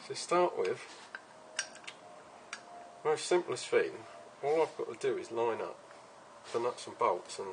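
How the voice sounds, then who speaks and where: A man's voice: medium pitch, sing-song, measured pace, pauses often, background noise. A British man casually talking through a hobby build in his workshop, rambling with plenty of ums and uhs.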